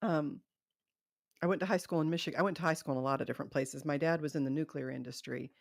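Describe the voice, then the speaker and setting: A woman's voice: sits low, fast talker, gravelly, no room sound, studio quality. A middle-aged woman hosting a live stream, chatting casually and rambling, laughing often. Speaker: livestream host.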